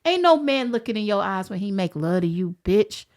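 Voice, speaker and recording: A woman with a Southern American accent, a podcast guest telling stories in casual chat, animated and profane. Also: medium pitch, normal speed.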